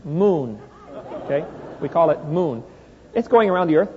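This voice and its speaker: A man giving an animated, joking talk to an audience and quoting both sides of a conversation. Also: a little high, moderate pace, slight background noise. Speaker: guest speaker. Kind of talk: humorous storytelling talk to an audience. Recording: dull, lo-fi recording with long hall reverb.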